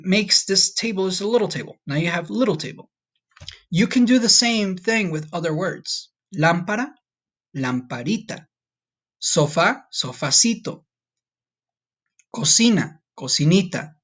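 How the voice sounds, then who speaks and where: A man teaching a recorded Spanish vocabulary lesson, patient and upbeat, slowing down to repeat each word. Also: fairly high pitch, fairly bright tone. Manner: patient, slow repetition drills with upbeat asides.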